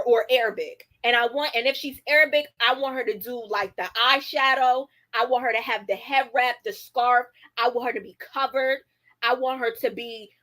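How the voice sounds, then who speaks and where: A woman's voice: a little high, sharp tone, rough recording. A woman hosting a casual livestream, chatting with lots of fillers and reading viewer comments aloud. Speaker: livestream host.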